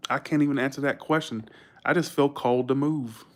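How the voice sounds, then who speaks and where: Southern guy with a georgia accent, blunt, talks quick, casual stream chat. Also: mid-range voice, steady tone. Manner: blunt, fast-talking, swears freely. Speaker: livestream host.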